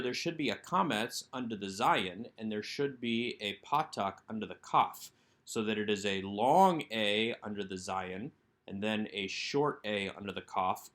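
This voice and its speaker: A man narrating a recorded language lesson over slides, sounding out words slowly and carefully. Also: fairly low pitch, fairly bright tone. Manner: slow, careful enunciation of Hebrew words. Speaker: Hebrew teacher.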